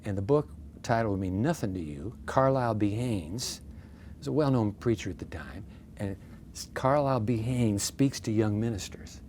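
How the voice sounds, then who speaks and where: Man in his 60s, low-pitched, story-telling pastor, light background noise. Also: normal speed. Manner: lively anecdotal storyteller with self-deprecating humor. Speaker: pastor, interview guest. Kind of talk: storytelling in a casual interview.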